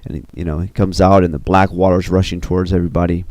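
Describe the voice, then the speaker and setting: A man casually pitching a film story scene by scene, loose and rambling with many fillers. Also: little pitch movement, fast, a little mellow, no room sound. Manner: loose and rambling, full of 'you know' and 'kinda'.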